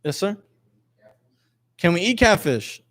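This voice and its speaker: A man's voice: high-pitched, sing-song, takes it slowly, a bit bright. A man teaching a lesson to a class, quizzing his students in a jokey way and reading passages aloud. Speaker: religious teacher.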